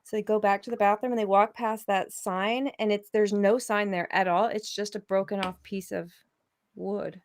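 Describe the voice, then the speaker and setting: A woman's voice: medium pitch, normal speed. A woman co-hosting a casual podcast, telling a spooky story with lots of laughs and loose swearing. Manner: animated, laughing, swearing freely. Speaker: podcast co-host.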